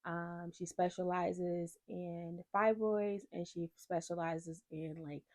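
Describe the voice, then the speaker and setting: A woman speaking in a lower register with a gravelly, fry-laced edge, telling her own story to camera in casual vlog talk. She is animated and slips into the voices of the people she quotes. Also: takes it slowly. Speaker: vlogger.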